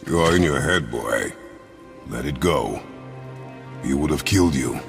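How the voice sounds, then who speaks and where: An actor playing a stern, terse warrior father who is a god, with a gravelly voice, speaking in a commanding way. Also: a bass voice, expressive, unhurried, soft background music, heavily acted. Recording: reverberant game audio with score.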